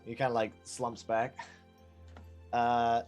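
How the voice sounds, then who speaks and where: A man's voice: mid-range voice, completely flat delivery, slow pace, a little mellow, faint music behind. A man playing a tabletop role-playing game, joking, swearing and acting out his character. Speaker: player.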